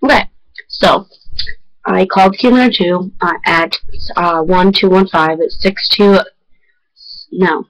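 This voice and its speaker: An excitable teenage girl talks straight to her viewers in a loose, rambling vlog chat. Her voice jumps high when she gets worked up, and she strings thoughts together with lots of fillers. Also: slow, long pauses, rough recording. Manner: excitable, rambling storytelling with big pitch jumps. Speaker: vlogger.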